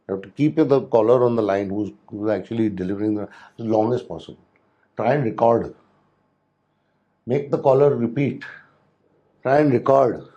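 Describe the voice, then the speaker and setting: Warm in tone and medium in pitch, this man delivers a spoken lecture on hotel safety and security as a hospitality security instructor. He speaks loosely, restarting often and using fillers, and the audio sounds dull.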